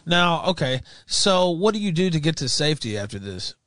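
A man's voice: on the high side, very animated, normal speed, a bit bright, no echo. A man hosting a casual interview, asking loose, chatty questions and laughing often. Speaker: host.

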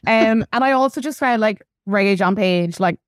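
A woman's voice: medium pitch, moderate pace, no room sound, clean studio sound. A young woman hosting a casual pop culture podcast, chatty and gushing, swearing freely with big reactions. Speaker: podcast host.

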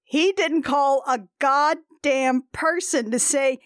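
High-voiced sarcastic woman recapping comics. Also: slow, fairly bright tone, dry recording, clean studio sound. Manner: sarcastic, exasperated, laughs often. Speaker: podcast host recapping a comic strip. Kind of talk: casual comedic recap.

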